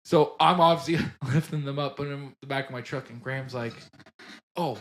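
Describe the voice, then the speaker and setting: A man's voice: medium pitch, fast talker. A young man co-hosting a podcast, telling rambling stories in casual chat with lots of swearing and laughter. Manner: rambling storyteller, heavy swearing, laughs often. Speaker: podcast co-host.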